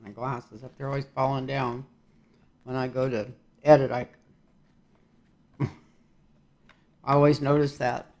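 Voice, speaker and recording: A man's voice: mid-range voice, level tone, a little slow, pauses often, darkish tone. An older man giving a casual tarot reading, talking in a rambling, folksy way with chuckling asides. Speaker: tarot reader.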